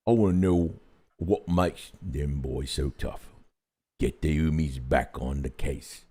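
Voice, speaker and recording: A man voicing a gruff, bossy male ork warboss in a rough growl, reading a news article in character. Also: very deep voice, a little mellow, heavily acted.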